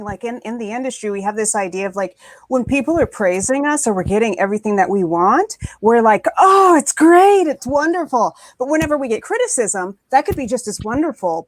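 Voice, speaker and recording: A woman's voice: fairly high pitch, a little mellow, no room sound. A woman on a panel, talking with emphasis and repeating words for stress, heard over a video call. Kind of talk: animated panel discussion.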